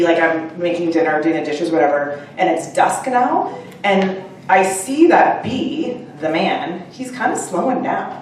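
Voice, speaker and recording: A woman telling the audience about her short story at a live book launch, chatty and animated, with many fillers and asides. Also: medium pitch, far from the mic, slight background noise. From Canada. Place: upstairs room of a restaurant at a live event. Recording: very echoey room, voice from off-mic.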